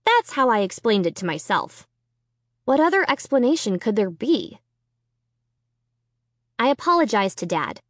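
A woman narrating a chapter book aloud in expressive storytelling. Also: measured pace, long pauses, no echo, studio quality. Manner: expressive storytelling with lively pitch. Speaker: audiobook reader. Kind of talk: scripted narration.

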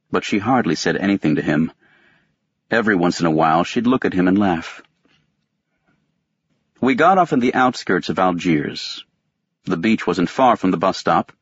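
A man with a very low, slightly husky voice reads a novel in the first person. His delivery is measured and detached. The recording is dry and close, with a somewhat muffled, dull tone. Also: no echo. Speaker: audiobook narrator. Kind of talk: scripted narration.

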